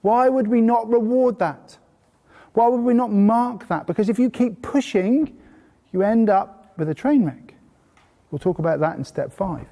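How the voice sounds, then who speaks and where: High-voiced man teaching in a reverberant hall. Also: a little slow. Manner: lively and anecdotal, with playful put-on praise voices. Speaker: horse trainer teaching a course. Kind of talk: live workshop talk to a group. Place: indoor training venue with a horse brought in.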